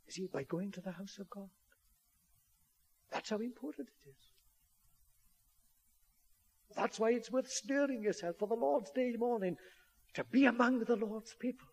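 A man's voice: very high voice, a little slow, long pauses, darkish tone, slightly rough. A man preaching a sermon to a congregation, earnest and building to emphatic appeals.

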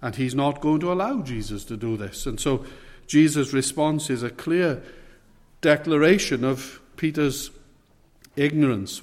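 A male preacher delivers a sermon in a church with a long reverb trailing each phrase. He is earnest and emphatic, and he often slows down and drops into quiet, low lines.

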